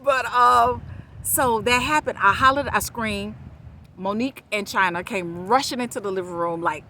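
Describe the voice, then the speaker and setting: A woman vlogger telling a personal story to camera outdoors, animated and laughing often as she talks to her viewers. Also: a little high, moderate pace, low-quality recording. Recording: outdoor noise with passing traffic. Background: outdoor ambience and vehicles.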